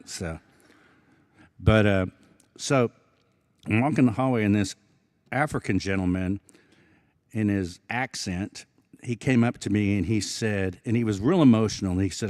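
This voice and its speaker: Low, mellow-voiced Osage man speaking earnestly. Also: no room sound, clean studio sound. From Osage Nation, Oklahoma. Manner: halting, earnest, with many restarts. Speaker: guest speaker, film actor. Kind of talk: casual storytelling talk. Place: public evening event.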